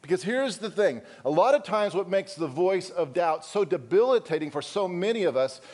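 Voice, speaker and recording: Preaching at a moderate pace, this high-voiced male pastor sounds expressive, with a darkish tone. He stays emphatic, piling up rhetorical questions, and often breaks off to speak candidly and conversationally to the congregation.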